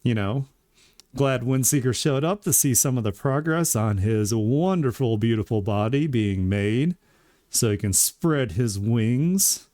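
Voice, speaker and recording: A man's voice: mid-range voice, animated, a little slow, warm tone, no echo, clean studio sound. A man chatting casually as a streamer while he makes art, laid-back and joking at his own expense.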